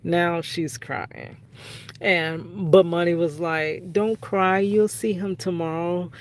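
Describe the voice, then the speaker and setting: A woman's voice: fairly low pitch, steady tone, slow. A middle-aged woman telling a story in a casual vlog. She talks frankly and conversationally, retelling conversations with her family. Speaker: vlogger, prison wife.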